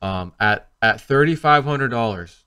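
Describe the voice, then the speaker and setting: A man talks to camera in a loose, rambling vlog voice at a middle pitch. He tells stories with lots of energy and acts out the people he quotes. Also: unhurried, clear, resonant tone. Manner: rambling, animated storytelling with acted-out quotes. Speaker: crypto video host. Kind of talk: casual to-camera vlog talk.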